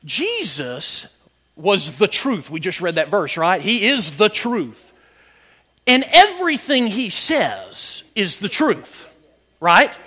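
A man preaching a sermon to his congregation, animated and building to shouts, with quick laughs and stammered restarts. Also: sits high. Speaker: pastor.

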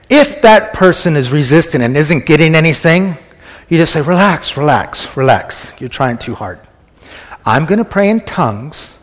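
A man preaching a conversational sermon who often asks the congregation questions. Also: a little high. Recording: echoey hall.

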